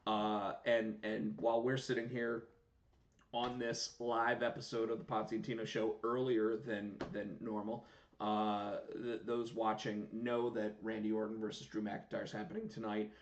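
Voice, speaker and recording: Excitable man in an echoey room. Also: on the low side, normal speed. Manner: excitable, rambling with many restarts. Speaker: show co-host. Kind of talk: casual live-stream chat. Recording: echoey room, dull lo-fi sound.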